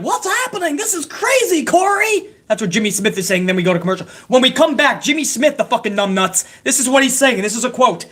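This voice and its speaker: A man's voice: high voice, a bit bright. A man tears through a wrestling show recap with heated, sarcastic outrage. He swears constantly and sounds fed up at every turn. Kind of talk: profane ranting show recap.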